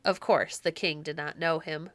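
A woman narrating a classic storybook in a clear, measured storytelling manner. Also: low-pitched, steady tone, fairly bright tone, no echo. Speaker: audiobook narrator.

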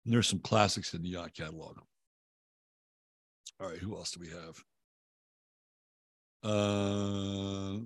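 Rambling man hosting a livestream, low voice. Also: husky, no echo. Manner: rambling, loose, swears casually, many fillers and restarts. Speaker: livestream host. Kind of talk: casual livestream chat reading viewer comments. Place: home, living in Texas.

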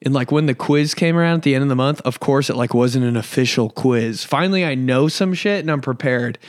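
A man's voice: medium pitch, brisk, dry recording. Profane rambling young man, dry mic. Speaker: podcast host and comedian. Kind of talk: casual solo podcast chat.

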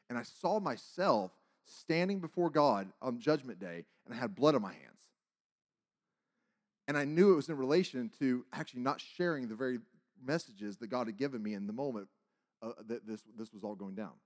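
A man with a mid-range voice preaches his testimony as a sermon. He tells his story with acted-out dialogue, swinging widely between loud and hushed.

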